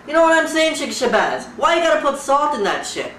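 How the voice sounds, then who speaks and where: A young adult comic from Fiji, ranting loudly with constant swearing and mock outrage in a parody talk-show segment. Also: sits high, brisk. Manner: loud, animated, swearing constantly, exaggerated outrage. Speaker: comedian recreating a talk show. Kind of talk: profane comic rant to camera. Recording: roomy echo, distant mic, faint background hiss.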